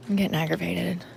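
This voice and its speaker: A woman's voice: lowish voice, creaky, slight background noise. A woman, vlogging casually from inside a store, talking bluntly to her viewers and muttering to herself as she shops. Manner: blunt, rambling, muttering to herself while shopping.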